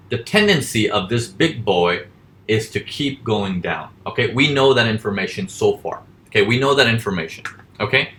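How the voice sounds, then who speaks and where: A man's voice: fairly low pitch, pushed and bright. A man teaching forex trading in a casual lesson, asking questions and answering them himself. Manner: acts out panicking traders in quick voices. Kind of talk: casual live teaching over charts.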